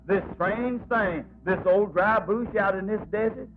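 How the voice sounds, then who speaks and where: A man delivering a revival sermon in a high, unhurried voice, fervent and folksy, circling back to phrases in a rolling cadence. The recording is muffled and lo-fi, with faint music underneath. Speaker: preacher.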